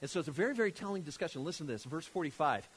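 Animated male pastor preaching. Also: fairly high pitch, racing, husky. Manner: animated, emphatic, with frequent restarts. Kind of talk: sermon.

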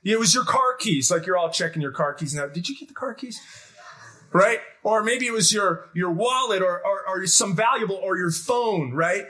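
A middle-aged pastor preaching a sermon, telling a story with energy and putting questions to the congregation. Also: male voice, high-pitched, moderate pace, few pauses. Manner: animated storytelling, shouts when acting out scenes, asks the crowd questions. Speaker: guest pastor.

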